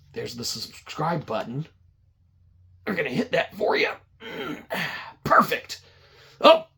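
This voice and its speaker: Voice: mid-range voice, creaky, bright, forceful tone, slightly rough. A podcast host telling a crude, rambling, sarcastic comedic story. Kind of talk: profane comedic rant.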